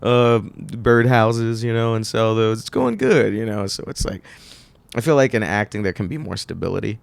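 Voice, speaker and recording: A man's voice: lowish voice, fairly even intonation, moderate pace, creaky, clean tone, no room sound. A man, a comedian and actor, chatting loosely on a podcast, swearing and laughing often. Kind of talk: casual podcast chat.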